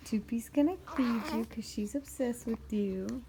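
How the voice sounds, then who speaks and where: A woman's voice: on the high side, measured pace, gravelly, background noise. Affectionate mom filming on her phone. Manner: affectionate baby talk. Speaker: mother and vlogger. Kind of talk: casual home video. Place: at home. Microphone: handheld phone.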